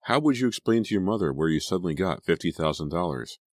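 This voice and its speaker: A man with a very deep voice voicing an honest, cautious teenage girl who speaks in an earnest, wary way, raising his pitch for her. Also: animated, quick pace, no echo, clean studio sound. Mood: doubtful.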